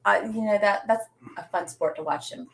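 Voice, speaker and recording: A woman guest in a casual livestream chat, playful and quick to laugh. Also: medium pitch, vocal fry, a bit bright. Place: room in a house.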